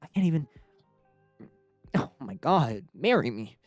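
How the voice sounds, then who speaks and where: A man's voice: fairly high pitch, very animated, unhurried, dry recording, faint music behind, pitched above the performer's own voice. A man voicing a shy teenage girl gushing and stammering over a crush.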